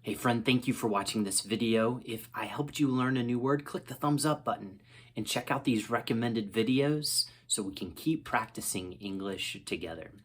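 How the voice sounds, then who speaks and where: An American man hosting an English vocabulary lesson, speaking in a friendly, slow and deliberate way as he repeats words for learners. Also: medium pitch, slightly rough. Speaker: English teacher.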